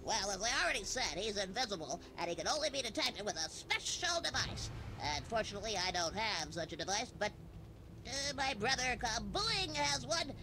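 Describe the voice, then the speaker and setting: A man's voice: sits high, very animated, a little fast, background noise. A man voicing a cowardly, fawning male goblin who stammers and pleads. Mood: chatty.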